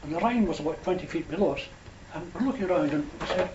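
A man's voice: fairly high pitch, darkish tone. An older Scottish man recalls an old journey in a slightly raised voice, meandering and correcting himself as he goes. The recording is dull and lo-fi, with a roomy echo and a faint hiss underneath. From Scotland. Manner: rambling, unhurried, with hesitations and self-corrections. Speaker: storyteller. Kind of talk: oral history reminiscence.

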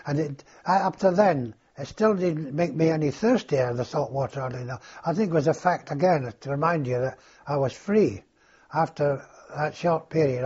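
Older guy telling his story slow and halting, husky voice, dull muffled recording. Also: fairly high pitch, darkish tone. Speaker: interviewee. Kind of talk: oral history recollection.

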